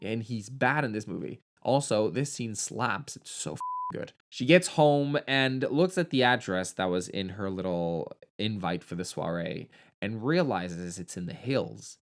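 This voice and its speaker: A man's voice: fairly low pitch, animated, unhurried. Sarcastic, swearing male film reviewer. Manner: sarcastic, swears, laughs often. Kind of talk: casual video review.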